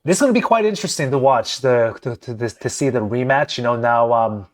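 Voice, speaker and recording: A man's voice: medium pitch, animated, brisk. A man hosting a boxing podcast in a chatty, easygoing way, often stumbling and repeating words. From Philippines. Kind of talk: casual chat.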